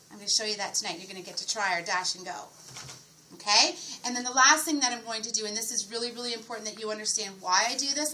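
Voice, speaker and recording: A middle-aged woman gives a sales training talk that includes a role-played pitch, her voice slightly high, pushed and bright. She's enthusiastic and keeps throwing questions at her audience, picked up by a distant mic with faint room noise.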